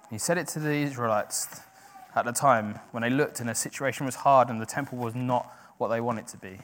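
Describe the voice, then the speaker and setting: A man preaching a sermon, swinging from hushed, slow emphasis to loud, rising exhortation, correcting himself as he goes. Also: medium pitch, slight background noise. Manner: self-correcting, with brief laughs.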